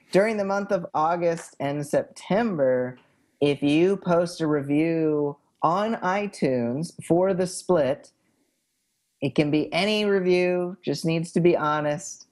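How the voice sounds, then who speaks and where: A man's voice: fairly high pitch, slow pace, a little mellow. Male podcast co-host, playful and jokey in loose banter. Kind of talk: casual chat.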